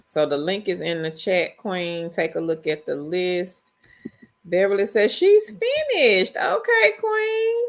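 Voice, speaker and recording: Middle-aged woman, easygoing livestream host, slow and relaxed delivery. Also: lowish voice. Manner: greets viewers one by one, drawn-out and relaxed. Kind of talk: casual livestream chat, reading viewer comments.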